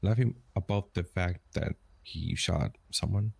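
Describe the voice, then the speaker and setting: A man chatting in character in a roleplay game, passing on gossip in a halting way. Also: deep voice, gravelly, breathy edge. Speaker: fellow roleplay player.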